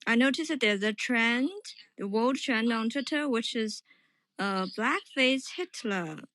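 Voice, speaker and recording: Slow hesitant woman caller, dry sound. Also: on the high side, a bit bright, dry recording. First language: Chinese. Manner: hesitant, lots of ums and uhs. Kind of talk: casual English practice chat.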